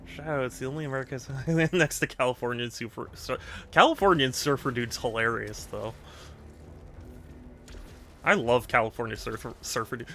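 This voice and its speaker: A man's voice: mid-range voice, moderate pace, fairly bright tone, a little hiss or hum. A man streaming a video game, chatting casually with his viewers, laughing often and restarting sentences as he goes. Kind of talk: casual live-stream chat while gaming.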